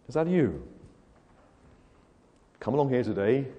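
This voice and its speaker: Lively preacher man in an echoey hall. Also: mid-range voice, moderate pace, pauses often. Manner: rhetorical questions, dramatic swings between hushed and loud. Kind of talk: evangelistic sermon.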